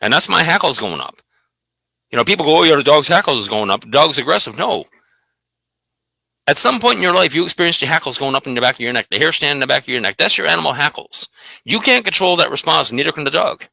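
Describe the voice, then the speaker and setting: A man's voice: on the high side, very animated, fast talker, creaky, bright, forceful tone, no room sound. A man talking bluntly and emphatically about dog behaviour in a casual conversation, swearing freely.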